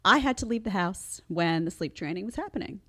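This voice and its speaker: Lively, animated woman host. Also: mid-range voice, fairly quick. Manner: animated, emphatic, chatty. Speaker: podcast host. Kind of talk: casual social commentary.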